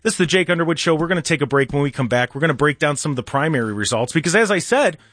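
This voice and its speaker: A man hosting his own talk show, firing off sarcastic rhetorical questions in a combative monologue. His voice sits a touch high and swings widely in pitch. The sound is close and dry, with no room around it. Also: animated, very fast, fairly bright tone, no room sound. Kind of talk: opinion monologue.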